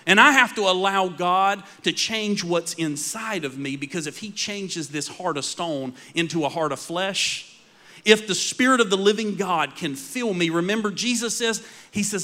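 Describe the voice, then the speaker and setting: A man preaching a sermon, telling stories dramatically and dropping to quiet emphasis. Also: high-pitched, normal speed.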